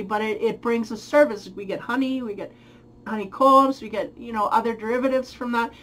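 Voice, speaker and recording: A woman's voice: fairly high pitch, fairly bright tone, low-quality recording. A woman giving a spiritual tarot reading who muses aloud, searches for her words and often breaks into light laughter. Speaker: tarot reader.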